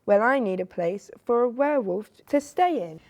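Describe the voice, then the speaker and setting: A woman's voice: a little high, expressive, moderate pace, a little mellow, pitched above the performer's own voice. A woman voicing a long-bearded male wizard in a storybook reading, exclaiming in a raised voice. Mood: cheerful.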